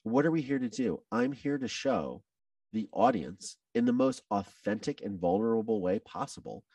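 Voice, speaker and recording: A man speaking as a podcast guest, telling an emotional personal story in an animated way, with many restarts and quoted dialogue. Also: lowish voice, normal speed, vocal fry, breathy edge, no echo, far from the mic.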